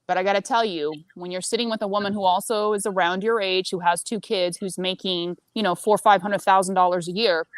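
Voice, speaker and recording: Blunt, animated woman guest, dry sound. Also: medium pitch, fairly quick, few pauses, no echo. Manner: blunt and animated, swears freely. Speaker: podcast guest; senior marketing director. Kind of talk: casual storytelling chat.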